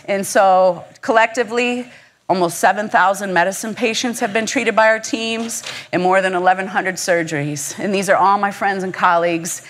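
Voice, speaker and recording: Speaking in a conversational style, a Michigan woman offers warm encouragement in a faith-based inspirational talk at a conference. She has a medium-pitched voice and comes from the USA.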